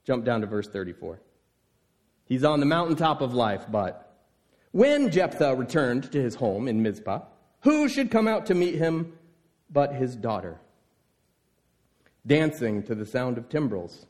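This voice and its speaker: A man preaching a sermon, telling a scripture story with lively, voiced exclamations. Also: mid-range voice, measured pace, pauses often.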